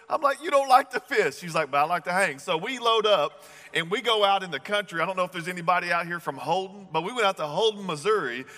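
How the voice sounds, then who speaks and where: A man's voice: high-pitched, bright, forceful tone. A man, preaching a sermon in a casual, chatty storytelling way. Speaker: pastor. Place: large church hall. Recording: echoey church hall.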